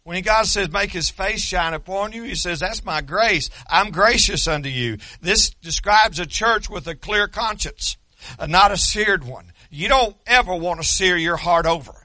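An older man preaching a sermon as a pastor, folksy and joking, rising to fervor, and strained from yelling until he is losing his voice. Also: sits high, animated, moderate pace, dry recording.

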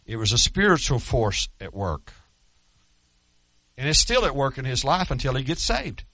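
A man's voice: mid-range voice, big pitch swings, moderate pace, sharp tone, no room sound. A middle-aged man preaching a sermon as pastor, telling stories earnestly with self-deprecating humor.

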